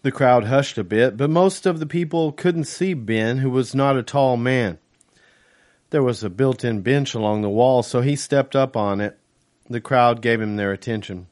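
A man reading his own novel aloud as first-person audiobook narration, in a steady, measured way. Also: mid-range voice.

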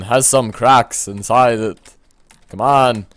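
An excitable man commentating on a game he is playing, his voice swinging wildly from low mutters to sudden high yelps and shouts. He talks at an unhurried pace between outbursts. The sound is dry and close, with keyboard clicks behind him. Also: dry recording. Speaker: let's play gamer. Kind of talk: gaming commentary.

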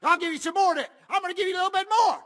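A man's voice: very high-pitched, expressive, unhurried, sharp tone, heavily acted. A man voicing a foul-mouthed, hot-tempered repairman in a video game, ranting and cursing to himself. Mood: threatening.

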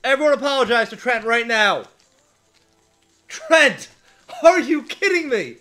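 A man hosting a live card break, reading out player names and shouting with excitement over big pulls. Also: very high-pitched, unhurried, long pauses, soft background music. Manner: reads out player names one by one. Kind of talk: live card-opening stream.

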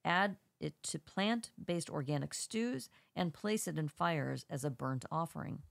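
A woman's voice: deep voice, measured pace, vocal fry, no room sound, studio quality. A woman co-hosting a podcast with a congested voice, reading an article aloud with small stumbles and brief asides. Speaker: podcast co-host.

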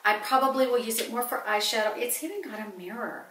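Casual vlogger, woman, bright tone, bubbly and gushing; camera on a table, echoey room. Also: a little high, lively intonation, fairly quick. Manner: gushing, chatty, exclaims over cute things. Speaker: vlogger showing purchases. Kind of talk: casual haul chat to camera. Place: home office, indoors. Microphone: camera set on a small table.

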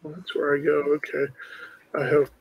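Easygoing man gaming on voice chat, higher voice. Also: monotone, breathy edge, highs cut off. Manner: easygoing, self-deprecating, quick to laugh. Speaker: streamer playing a survival game.

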